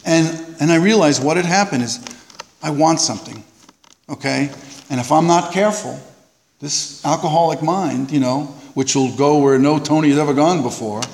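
A man sharing at a recovery meeting, telling a self-mocking, animated story that rises loud and high at the funny parts. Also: normal speed, gravelly, big-room sound, a little hiss or hum. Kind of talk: storytelling share.

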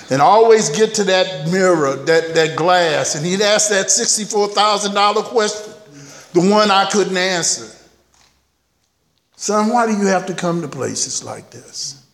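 A male speaker recounts his story at a recovery meeting, candid, funny, and folksy, in a slightly high voice. The recording picks him up from afar in an echoey hall, with slight background noise.

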